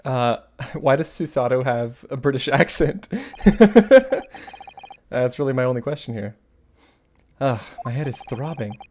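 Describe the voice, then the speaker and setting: A man's voice: mid-range voice, fairly even intonation, moderate pace. A man streaming a game playthrough, making wry, offhand asides.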